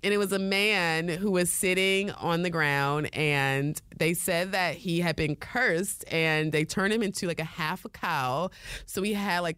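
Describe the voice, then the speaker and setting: A woman's voice: on the low side, fairly bright tone, clear, resonant tone, dry recording. A woman hosting a podcast, talking casually and chattily, often laughing and using fillers. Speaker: podcast host. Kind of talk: casual solo talk.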